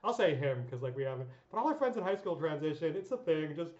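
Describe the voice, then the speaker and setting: A woman's voice: low voice, lively intonation, fast talker, darkish tone. Rambling woman with a bit of echo. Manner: rambling, filler-heavy, swears freely, laughs often. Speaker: vlogger. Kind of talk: casual storytelling monologue. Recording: echoey dull room sound.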